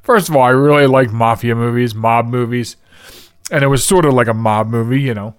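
A man's voice: medium pitch, fairly quick, clear, resonant tone, no echo, studio quality. A man from the Philadelphia area hosting a podcast alone, chatting casually in a rambling way, often restarting his sentences and laughing at himself. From Philadelphia region. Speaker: podcast host. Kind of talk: casual solo podcast chat.

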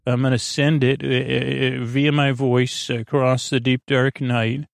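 A man hosting a sleep podcast, talking slowly in a creaky voice and drifting off into tangents full of filler. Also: medium pitch, little pitch movement, dry recording, clean studio sound. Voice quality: creaky, meandering. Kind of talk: rambling bedtime monologue.

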